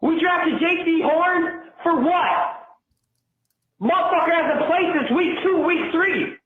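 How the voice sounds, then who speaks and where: A furious man rants down a phone line, cursing and breaking into shouts. His voice sits high, and the call sounds thin and tinny with a roomy echo around it. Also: slow, recorded from a distance. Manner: furious, swearing, shouting bursts. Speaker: caller. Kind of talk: angry fan voicemail rant.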